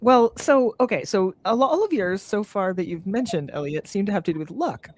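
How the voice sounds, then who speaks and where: A podcast co-host with a very lively, up-and-down voice at a middle pitch. The host chats casually, laughs a lot and reads listener comments aloud. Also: a little fast. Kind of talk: casual chat.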